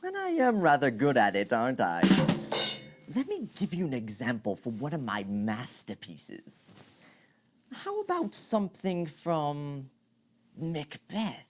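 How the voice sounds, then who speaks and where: A woman's voice: sits low, huge pitch swings, measured pace, voice pushed down, exaggerated voice. A woman voicing a pompous, self-satisfied old playwright in a comic lesson.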